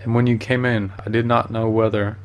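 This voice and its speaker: A man reads a breezy, teasing male painter with a low, fairly flat voice. He sounds worldly and amused, dropping the odd French phrase into an even, unhurried delivery. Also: natural voice.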